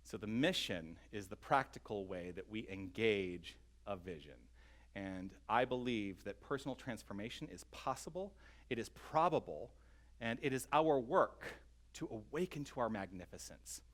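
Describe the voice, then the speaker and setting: A man's voice: on the low side, expressive, normal speed. A man leading an online sermon as minister, earnest and inviting, speaking straight to his listeners and a little out of breath. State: slightly out of breath.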